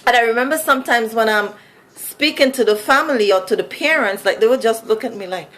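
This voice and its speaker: A woman's voice: a little high, brisk, fairly bright tone. A woman from Saint Vincent with a Vincentian accent, telling a personal story in a casual, chatty way full of fillers. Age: adult. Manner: chatty, many "like" and "you know" fillers.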